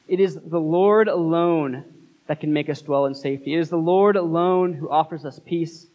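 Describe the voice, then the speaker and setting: A man preaching a sermon as pastor, earnest, with dramatic pauses. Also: a little high, a little mellow, dull audio.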